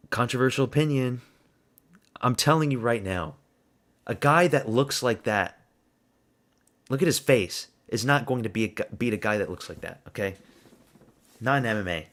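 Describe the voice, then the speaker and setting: A man's voice: lowish voice, vocal fry. A man hosting his own channel, talking through casual fight predictions in a blunt, rambling way, thinking aloud as he goes. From United States. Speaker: host.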